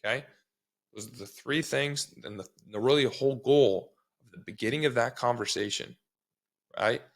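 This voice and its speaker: Male sales trainer, casual and blunt, a gravelly edge, checks in with the listener constantly. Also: mid-range voice, normal speed. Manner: blunt, swears, repeats "okay?" to check in.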